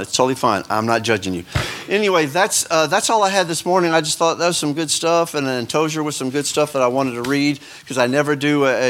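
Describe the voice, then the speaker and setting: A man's voice: mid-range voice, a bit bright. A man teaching a Sunday school class in a rambling, self-interrupting way, full of fillers and asides. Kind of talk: casual church teaching with read-aloud quotes. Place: church room.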